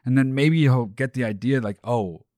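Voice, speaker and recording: A man's voice: mid-range voice, a little fast, darkish tone, no room sound, clean studio sound. A man co-hosting a podcast, giving blunt, profane advice in casual banter. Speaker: podcast co-host.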